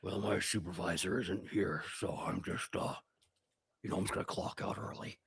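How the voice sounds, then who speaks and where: A man's voice: low-pitched, fairly even intonation, normal speed, gravelly, breathy edge, pitched below the performer's own voice, heavily acted. A man voicing a lazy, bored male flesh construct guard who complains about his stiff body. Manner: whiny, complaining.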